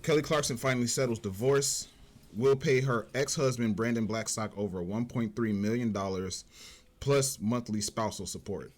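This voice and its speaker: A man's voice: medium pitch, moderate pace. A man hosting a podcast, chatting easily and reading a news story aloud. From Chicago. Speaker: podcast host.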